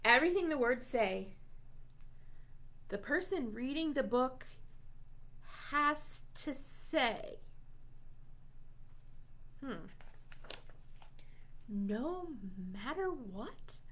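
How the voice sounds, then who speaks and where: A woman's voice: high-pitched, lively intonation, extremely slow, long pauses, fairly bright tone, slight background noise. A woman librarian reading a silly book aloud to young children, playful, with mock-indignant reactions to the text. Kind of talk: children's storytime read-aloud.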